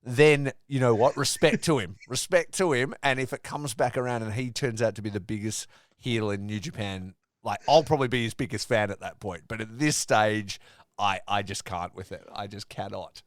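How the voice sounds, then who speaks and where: A man's voice: lowish voice, steady tone, moderate pace, no echo, studio quality. A man co-hosting a wrestling podcast, ranting in casual, profane chat. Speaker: podcast co-host.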